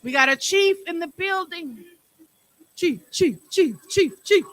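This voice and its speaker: A woman's voice: very high voice, expressive, takes it slowly, a bit bright, no echo, rough recording. A woman hosting an open mic, chatting with the crowd between poets and calling out to the audience. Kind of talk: emcee banter.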